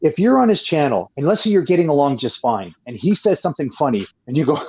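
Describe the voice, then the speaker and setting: A man's voice: on the high side, sing-song, fast talker, hardly any pauses, a little mellow, breathy edge, dry recording, muffled recording. A man from Canada, a guest telling long profane stories in casual chat, with many restarts. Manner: profane, rambling, frequent restarts.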